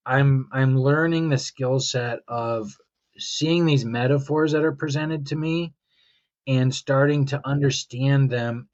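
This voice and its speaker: A man's voice: medium pitch, lo-fi sound. A man, a podcast guest, telling stories in a reflective, rambling way and quoting his own inner voice. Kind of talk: casual conversational storytelling.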